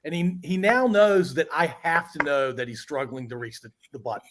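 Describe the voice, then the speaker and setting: A man's voice: on the high side, normal speed, background noise. A man hosting a podcast, telling a story in an amused way and laughing through it. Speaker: podcast host. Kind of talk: casual storytelling.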